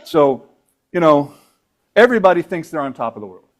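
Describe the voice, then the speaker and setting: A man's voice: on the high side, big pitch swings, fairly quick. A man teaching astronomy to a club audience in a conversational, rambling way with fillers and asides. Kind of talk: lecture to an audience. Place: meeting room with audience.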